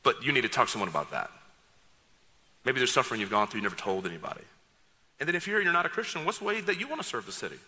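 A man's voice: mid-range voice, very animated, racing, pauses often, sharp tone. A man preaching a sermon as pastor, talking in a conversational, joking and direct way to his congregation. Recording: long reverb of a large hall.

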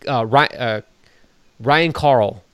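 Man, podcast host, relaxed joking chat, crisp voice, dry sound. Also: mid-range voice, slow, no room sound. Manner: joking, teasing.

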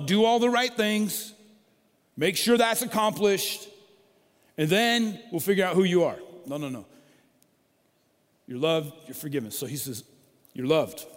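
A middle-aged man preaches a sermon in a chatty, conversational way, leaning hard on repeated key phrases. His voice sits slightly high for a man. The sound carries the long reverb of a large hall. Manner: conversational preaching, rising to emphatic stresses. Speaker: pastor.

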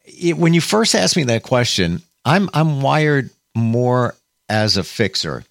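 Male talk radio host, average pitch, engaged and personal. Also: sing-song, takes it slowly, gravelly, no room sound, clean studio sound. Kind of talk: interview conversation.

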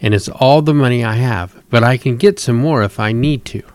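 A man's voice: medium pitch, normal speed, darkish tone, no room sound, lightly acted. A man voicing an earnest, determined eight-year-old girl in a read-aloud story, sounding insistent and pleading.

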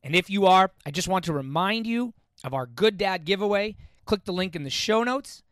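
A man's voice: high voice, lively intonation, moderate pace, fairly bright tone, no echo. A man hosting a podcast interview, asking probing, reflective questions and laughing easily. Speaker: podcast host. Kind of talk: conversational interview.

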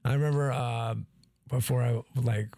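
A man's voice: medium pitch, normal speed, no echo. Profane storytelling man, dry sound. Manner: profane, animated storyteller, acts out voices. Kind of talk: casual storytelling chat.

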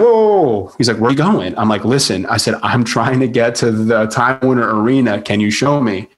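Animated storytelling man, lots of likes. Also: fairly low pitch. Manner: animated, acts out quotes, many likes. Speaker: podcast guest. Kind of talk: casual storytelling.

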